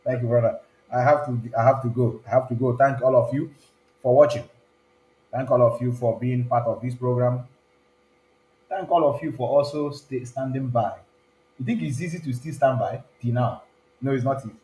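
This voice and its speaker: This online show host chats casually on his live stream, slipping among English, Igbo and pidgin. He has a medium-pitched, dark voice at normal speed, heard in a roomy, echoing space.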